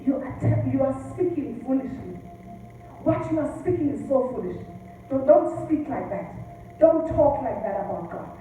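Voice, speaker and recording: A woman's voice: high voice, animated, normal speed, mellow, a little hiss or hum. A woman preacher voicing a suffering old man who firmly rebukes his wife, in an echoey hall from a distant mic. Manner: firm rebuke.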